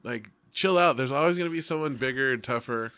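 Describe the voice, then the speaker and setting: Profane, animated young man. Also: mid-range voice, brisk, clear, resonant tone, no echo. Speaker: works with middle schoolers. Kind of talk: casual chat.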